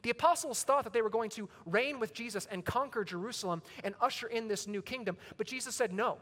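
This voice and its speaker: High-voiced man preaching in echoing hall. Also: fast, a bit bright. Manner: conversational storytelling preacher, rising to emphatic peaks. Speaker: pastor. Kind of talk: sermon. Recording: long reverb of a large hall.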